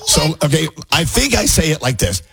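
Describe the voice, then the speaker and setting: A man hosting a radio show, talking in playful, animated banter and laughing often in a studio. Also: a little high, brisk, over music. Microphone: studio microphone.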